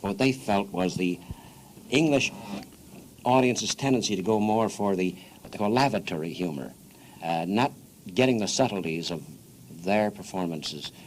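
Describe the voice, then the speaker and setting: A man's voice: lowish voice, moderate pace, slight background noise, low-quality recording. An American man hosting a radio interview in a nightclub, asking long winding questions and cutting in, on an old 1960s radio tape. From United States. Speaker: radio host.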